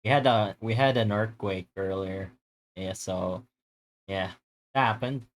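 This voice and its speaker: A man live-streaming, chatting casually with viewers while reacting to a video, halting speech with many fillers and restarts. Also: on the low side.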